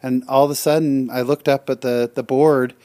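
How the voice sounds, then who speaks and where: A man's voice: medium pitch, normal speed, dry recording. A middle-aged man co-hosting a podcast, telling stories in casual chat and often laughing as he talks. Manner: animated storyteller who laughs often. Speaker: podcast co-host.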